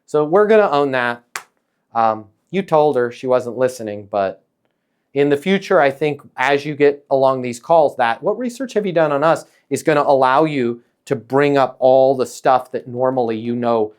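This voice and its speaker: A man coaching a salesperson with emphatic, energetic talk, acting out little dialogues as he goes. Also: medium pitch, moderate pace, clean tone. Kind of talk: coaching a caller in a sales session.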